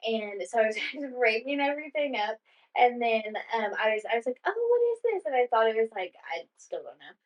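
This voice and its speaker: A woman's voice: on the high side, a little fast. A woman co-hosting a casual chat podcast, telling a long story in a rambling way and filling it with "like". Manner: rambling storyteller, heavy use of "like", acts out quoted lines. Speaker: podcast co-host. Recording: dull, muffled lo-fi sound.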